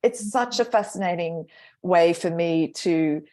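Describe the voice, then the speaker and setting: A woman astrologer talks as a podcast guest in a low voice. She speaks reflectively and takes her time, often trailing off in thought. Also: warm tone. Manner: reflective, slow, trailing pauses. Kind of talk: casual podcast chat.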